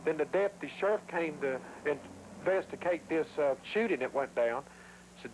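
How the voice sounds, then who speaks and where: A man's voice: on the high side, a little fast, a little hiss or hum, low-quality recording. A man telling his story in a documentary interview, acting out what others said. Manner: vivid retelling, acting out quoted voices.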